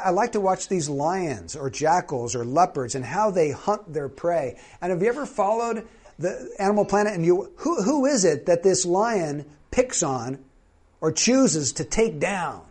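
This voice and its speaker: A man with a high-pitched voice preaches a sermon in a church. He talks conversationally and keeps putting questions to the congregation. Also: slightly rough. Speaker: pastor.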